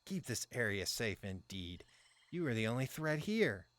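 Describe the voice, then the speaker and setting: A man's voice: moderate pace, no room sound, close to an everyday voice. A man voicing an indignant, stubborn male traveling merchant who protests shrilly in a game's dialogue. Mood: outraged. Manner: shrill, arm-waving protest.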